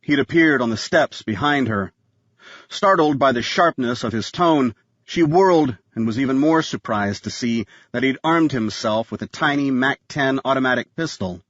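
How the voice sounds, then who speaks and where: A man reading a thriller audiobook in a scripted narration style, tense and measured. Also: medium pitch, a bit bright, no echo, highs cut off.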